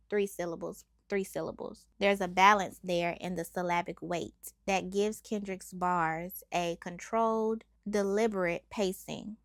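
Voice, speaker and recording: Woman, host, gravelly low fry, dry close sound, measured analytical delivery, scripted breakdown. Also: a bit bright, no room sound.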